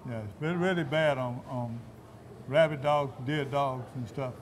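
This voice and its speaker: A man's voice: medium pitch, a little slow, a little hiss or hum. A man hosting a hunting and food show, chatting in a folksy, rambling way inside a meat shop. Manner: folksy, rambling, repeats himself. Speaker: host. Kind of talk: casual outdoors-show chat.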